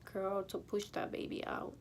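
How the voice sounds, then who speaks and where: A woman's voice: medium pitch, takes it slowly. A young woman vlogger casually retelling a personal story, emotional, with many fillers and quoted pleas.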